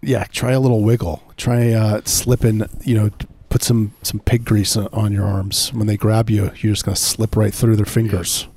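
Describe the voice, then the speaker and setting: A man co-hosting a podcast, tossing in laid-back deadpan jokes in casual banter. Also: lowish voice, moderate pace, few pauses.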